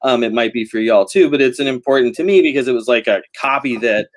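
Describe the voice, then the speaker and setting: A man's voice: medium pitch, fast. Rambling man on a video call. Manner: rambling, laughs often, many fillers. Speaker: novelist guest. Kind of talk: casual video-call chat.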